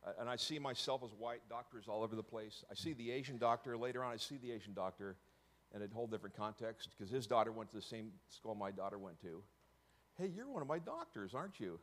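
Middle-aged man, lowish voice, storytelling speaker; restarts often, jokes on the side. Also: fairly even intonation, fairly bright tone. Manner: halting, self-correcting, with joking asides. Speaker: speaker telling his story to an audience. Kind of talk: personal storytelling talk.

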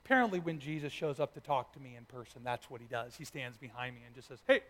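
A man preaching a sermon with a personal story, animated and swinging from loud bursts to hushed words. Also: mid-range voice, fast talker. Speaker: pastor.

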